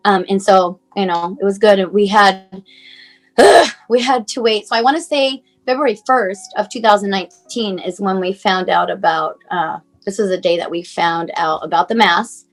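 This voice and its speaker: A mother in her forties recounts a hard stretch of her son's life in a loose, rambling way, leaning on fillers and quoting the people she spoke with. Her voice sits at an ordinary middle pitch for a woman. Soft music plays faintly behind her. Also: moderate pace. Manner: rambling, many fillers, acts out phone calls. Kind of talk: emotional personal storytelling.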